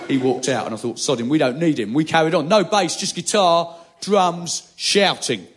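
A man doing a stand-up monologue in a blustering, deadpan rant. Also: medium pitch, normal speed. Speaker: stand-up comedian.

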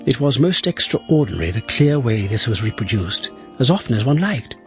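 A man's voice: medium pitch, sing-song, moderate pace, faint music behind, natural voice. A man reading aloud as a formal, genial Victorian royal secretary writing a letter. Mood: measured. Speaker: reader of a historical letter.

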